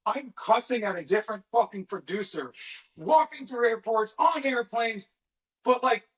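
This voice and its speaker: A man's voice: extremely high pitch, moderate pace, a bit bright. A man, a tattoo artist and podcast guest, telling a story in casual conversation, swearing constantly and getting heated.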